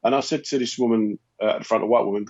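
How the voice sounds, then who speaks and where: A man co-hosting a casual chat show, telling comedy-club stories with lively animated delivery. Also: medium pitch, racing, dull audio. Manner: animated anecdote telling, acting out exchanges. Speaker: co-host and comedian.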